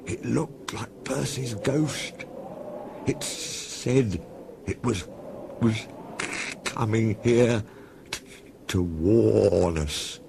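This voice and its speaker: A timid old male steam tram from a children's story, speaking with a shaky, nervous voice, played by a man reading aloud. His pitch sits well above a man's normal range and jumps about widely. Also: lively intonation, slow pace, a bit bright, slight background noise, full character voice. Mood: frightened.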